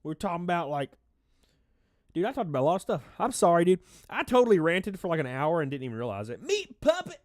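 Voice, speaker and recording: A stuffy-nosed man hosting a livestream, chatting loosely and calling out viewers by name. His pitch leaps up and drops back down, and he sounds a little out of breath. The recording is dry and close. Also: very animated, fast, no room sound. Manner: rambling, reads chat names aloud, shouts out donors. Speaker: livestream host. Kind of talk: casual livestream chat.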